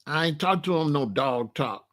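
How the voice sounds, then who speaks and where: A man in his sixties telling stories in a casual, animated way, full of street slang and "you know what I'm saying.". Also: fairly high pitch, normal speed. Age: 60s. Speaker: channel host. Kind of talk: casual storytelling monologue.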